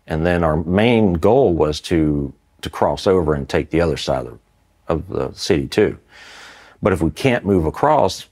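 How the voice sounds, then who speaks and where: A middle-aged Army veteran with a low, deep voice, telling his combat story in an interview. He rambles casually, leans on fillers like "you know" and "like," and keeps his delivery loose and conversational. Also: darkish tone. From Mississippi, US.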